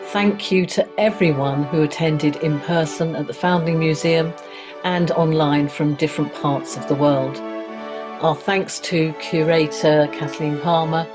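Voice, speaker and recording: A woman host giving upbeat closing remarks, thanking the speakers and attendees. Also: low voice.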